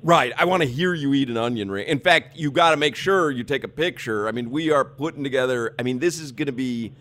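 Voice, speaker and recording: A man's voice: mid-range voice, a little fast, fairly bright tone. A man hosting a sports radio show, trading casual banter, teasing and often laughing as he talks.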